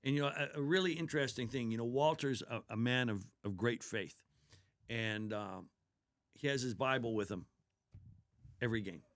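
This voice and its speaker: A man's voice: mid-range voice, normal speed, fairly bright tone. A man who is a basketball head coach, talking earnestly in a casual interview and telling stories about his players with enthusiasm.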